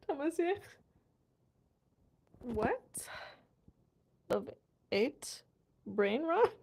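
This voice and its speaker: Young woman from the us on a livestream, high voice swinging all over, slow easy talk, keeps cracking up. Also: sing-song, gravelly, a little mellow. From USA. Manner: laughing a lot, wheezing with laughter. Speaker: vlogger reading live chat. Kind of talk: casual live-stream chat.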